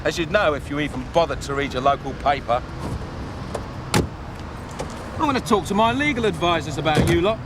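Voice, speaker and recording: A man's voice: on the high side, moderate pace, long pauses, noisy background, close to an everyday voice. An actor playing a scornful, indignant male car dealer in a 1990 TV police drama. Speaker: garage owner.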